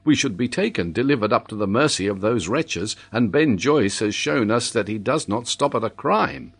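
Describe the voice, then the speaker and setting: A man's voice: mid-range voice, expressive, normal speed, creaky, slightly rough. A man voicing a loyal young sea captain in an audiobook, speaking earnestly and steadily. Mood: warning.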